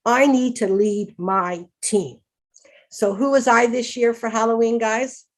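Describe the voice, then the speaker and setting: A woman's voice: fairly high pitch, a little slow. A middle-aged woman giving an upbeat, chatty conference talk as a patient advocate, laughing often and restarting her sentences. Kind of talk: conference presentation.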